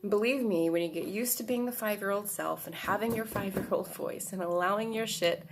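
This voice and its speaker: A woman talks through a self-help lesson in a relaxed, encouraging way. She keeps checking in with her listener and fills pauses with soft fillers, in a mid-range voice. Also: medium pitch, background noise. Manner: relaxed, encouraging, with frequent "right?" and "um". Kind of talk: casual instructional talk.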